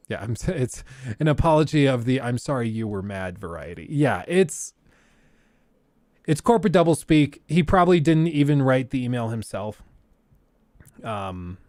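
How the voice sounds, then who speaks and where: A man's voice: mid-range voice, a little mellow, dry recording, studio quality. A man hosting a livestream, giving blunt, ranting commentary in a casual way. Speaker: livestream host.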